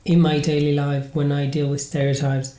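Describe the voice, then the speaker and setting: A man's voice: on the high side, completely flat delivery, moderate pace, mellow. Spanish accent guy hosting a podcast, rambles lots with ums and restarts, echoey room. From Spain. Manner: rambling, many fillers and restarts. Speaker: podcast host and improv comedian. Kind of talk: casual podcast chat.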